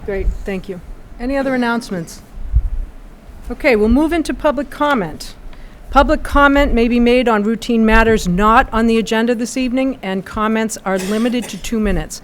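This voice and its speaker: A woman chairing a town board meeting, brisk and procedural as she moves through the agenda. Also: fairly high pitch, slight background noise.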